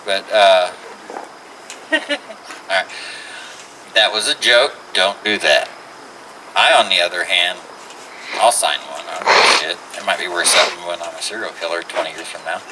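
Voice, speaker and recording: A man's voice: low-pitched, normal speed, pauses often. A man hosting a small comedy show with crude, wry banter. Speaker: host. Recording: distant mic, noisy room.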